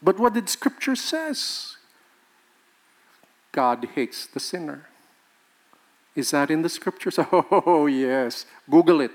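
A man's voice: a little high, very animated, takes it slowly, pauses often. A male pastor, preaching a sermon with emphatic rhetorical questions and laughing with the congregation.

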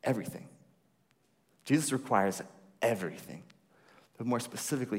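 A man's voice: lowish voice, moderate pace, long pauses. Chatty young man preaching in a hall. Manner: relaxed, chatty, repeats words and restarts, asks "right?". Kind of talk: casual conversational sermon. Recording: long reverb of a hall.

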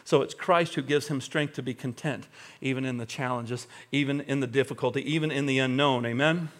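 A man preaching a sermon as a pastor, talking earnestly and swinging between hushed, confessional moments and fervent emphasis. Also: medium pitch, steady tone, brisk.

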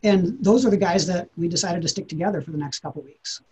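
Husky man telling a story. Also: sits high, fast talker, mellow, low-quality recording. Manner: earnest, reflective, repeats words as he thinks. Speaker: podcast guest. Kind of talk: personal storytelling in a podcast interview.

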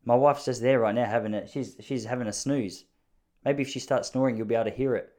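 A man's voice: mid-range voice, steady tone, fast, darkish tone. A young Australian man hosting a solo podcast from a spare room at home, telling rambling, self-mocking stories. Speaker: podcast host. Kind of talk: casual solo podcast monologue.

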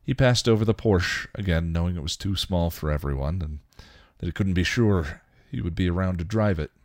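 Deep male reader, dry, for steady story narration. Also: brisk, no echo. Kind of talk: reading fan fiction aloud.

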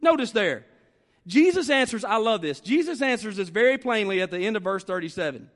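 A male pastor delivers a sermon in a strikingly high voice. He presses his points by repeating phrases and slowing down. A long reverb trails every line in a large church sanctuary. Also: lively intonation, a bit bright. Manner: emphatic, repeats phrases and slows down to stress points.

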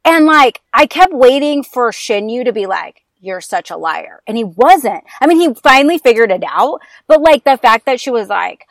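A woman's voice: high-pitched, normal speed, few pauses, no room sound. A woman guesting on a podcast, chatting casually and acting out drama scenes with sassy, emphatic storytelling. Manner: animated storyteller who acts out scenes. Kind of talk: casual chat about TV dramas.

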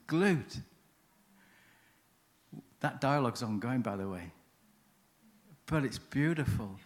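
A man's voice: mid-range voice, lively intonation, slow pace, pauses often. Chatty man telling a story. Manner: chatty, self-interrupting, anecdotal. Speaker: seminar speaker on chaplaincy. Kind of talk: conference talk with storytelling.

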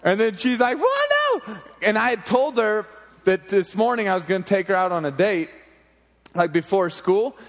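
Male youth pastor, 30s, lively anecdote in a reverberant hall. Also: sits high, normal speed. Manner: animated, laughing anecdote telling. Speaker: junior high pastor. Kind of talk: storytelling sermon.

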